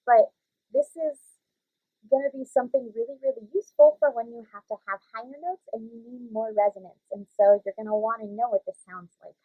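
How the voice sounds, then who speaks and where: A young woman teaching young children vocal warm-ups in a casual, chatty way, with many fillers. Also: fairly high pitch, brisk, husky, no echo. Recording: dry, phone-like audio.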